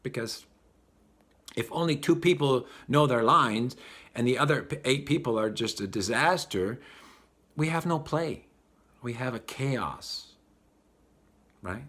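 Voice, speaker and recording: Guy doing a spiritual talk, mid-pitch voice, gets loud and lively, jumps into little voices. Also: unhurried, pauses often. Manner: animated, acts out voices of people he describes. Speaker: spiritual teacher.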